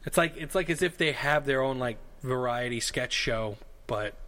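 A man's voice: medium pitch, moderate pace, bright, forceful tone. A man co-hosting a casual podcast, rambling and digressive with a jokey tone. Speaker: podcast co-host. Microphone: headphones and studio mic.

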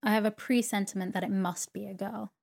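A woman's voice: mid-range voice, fairly even intonation, fairly quick, gravelly, a little mellow. A woman reading a storybook, voicing a stern, brusque elderly great-aunt who speaks in a commanding, indignant manner.

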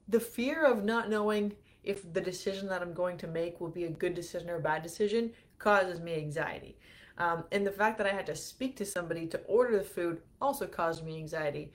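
A woman's voice: fairly low pitch, brisk. A young woman chatting casually on a livestream as the host, talking freely with many fillers and acting out her own anxious thoughts.

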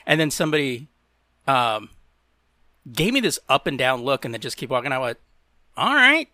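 A male podcast co-host in casual chat, easygoing and quick to laugh. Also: medium pitch, pushed and bright, no echo, clean studio sound. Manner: laughs often, easygoing and chatty.

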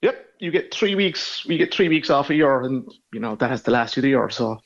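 A northside Cork man in his forties rings a radio show from overseas. He tells his stories frankly at an ordinary mid pitch. The line sounds a little dull and muffled. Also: lively intonation, a little fast. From Ireland. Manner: frank and easygoing storyteller. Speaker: caller living abroad. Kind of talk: casual phone interview.

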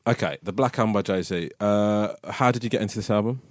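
A man's voice: on the low side, no room sound, clean studio sound. A man hosting a podcast, chatting and joking in a casual, self-deprecating way. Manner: quick, self-deprecating banter. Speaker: podcast host. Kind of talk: casual comedic chat.

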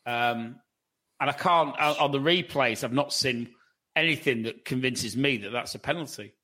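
A man's voice: medium pitch, moderate pace, sharp tone. A man on a football podcast panel, rambling with many restarts and question tags. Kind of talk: casual football podcast chat.

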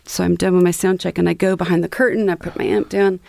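A woman's voice: on the low side, flat delivery, fast, vocal fry, darkish tone, no echo. A woman musician telling stories in a casual interview, rambling with lots of fillers. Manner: rambling, full of "you know" fillers. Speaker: musician guest.

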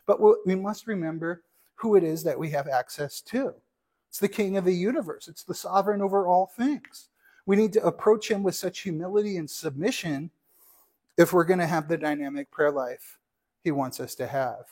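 Male pastor delivering a sermon, earnest and teacherly, asides to the congregation, voice pitched slightly high. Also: moderate pace, darkish tone.

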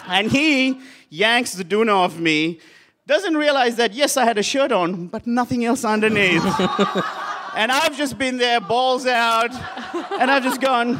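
High-voiced man telling a live comedy story. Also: a little slow, background noise. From Sri Lanka. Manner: rambling, self-mocking, laughing often. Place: bar with a live audience. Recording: live crowd audible.

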